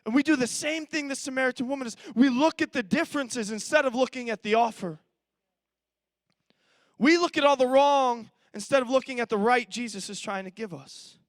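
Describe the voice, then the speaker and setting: A man's voice: very high voice, brisk, dry recording. A man preaching a sermon as pastor, emphatic and repetitive, stumbling into restarts as he builds his point.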